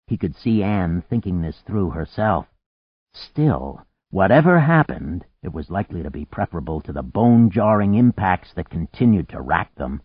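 Lively, low-voiced male audiobook narrator. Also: breathy edge, dry recording, dull audio. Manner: dramatic, rising in pitch and volume at action. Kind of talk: scripted narration.

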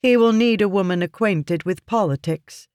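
A reader voicing a stern, cold noblewoman of high birth who speaks flatly and commandingly in an audiobook. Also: normal speed, clear, resonant tone, no room sound, clean studio sound, lightly acted. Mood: composed. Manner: flat, clipped, commanding.

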